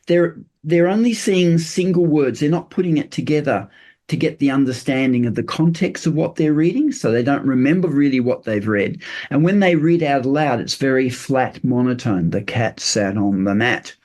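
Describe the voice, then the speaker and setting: An older man, a podcast guest talking earnestly in a loose, explanatory way, often pausing on fillers and restarting sentences. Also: on the high side, lively intonation, a little mellow. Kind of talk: casual interview chat.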